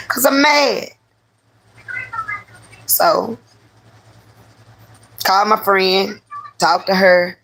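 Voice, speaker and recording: A woman's voice: medium pitch, extremely slow, long pauses, fairly bright tone, low-quality recording. A woman hosting a live stream who tells a personal story in a candid, heated way, full of profanity and slang. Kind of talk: casual storytelling to a live audience.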